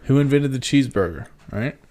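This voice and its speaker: A man's voice: medium pitch, lively intonation, brisk, dark tone. A man co-hosting a casual chat, dry and wry, reading facts off a screen.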